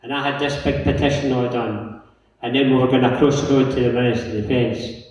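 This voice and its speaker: A man's voice: medium pitch, steady tone, fairly quick, a little mellow. A man with a Scottish accent giving a chatty, rambling conference talk, telling a story and acting out the other people's lines. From Scotland. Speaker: local councillor giving a talk. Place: large conference hall. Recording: echoey hall from far off.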